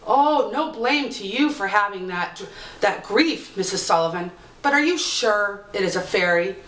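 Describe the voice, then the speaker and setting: A woman voicing an old village cunning woman who gives slow, knowing instructions, recorded from a distance in an echoey room. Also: mid-range voice, lively intonation, fairly bright tone. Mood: grave. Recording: roomy, distant mic.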